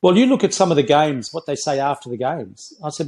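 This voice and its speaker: A man's voice: a little high, animated, fairly quick, darkish tone. An Australian man in his sixties, a former rugby player as a podcast guest, telling blunt, opinionated stories. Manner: blunt, opinionated storytelling, says "mate" often. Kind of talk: casual podcast interview.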